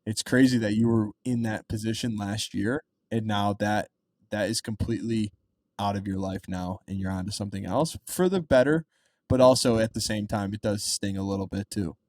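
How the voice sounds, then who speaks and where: A man's voice: lowish voice, moderate pace, a little mellow, no room sound. A young man in his twenties co-hosting a podcast, chatting casually and rambling with plenty of fillers. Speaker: podcast co-host. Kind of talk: casual chat.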